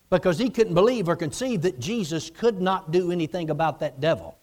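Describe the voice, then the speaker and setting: Male preacher with a high voice, emphatic and repetitive storytelling in a sermon. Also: fairly quick, few pauses, darkish tone. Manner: emphatic and repetitive, retelling a vision with quoted dialogue.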